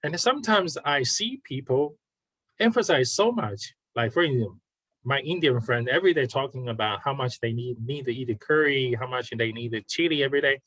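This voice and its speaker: Taiwanese man, interview guest, halting, restarts, dry close sound, mid pitch. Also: animated, a bit bright, dry recording, rough recording. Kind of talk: casual conversation.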